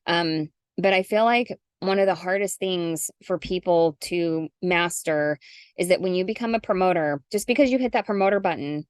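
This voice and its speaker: Brief: middle-aged woman sales coach, chatty and animated, dry close video-call mic. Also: on the low side, normal speed, clean tone, no echo. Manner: chatty, animated, acts out sample messages. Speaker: guest coach. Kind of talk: casual zoom call.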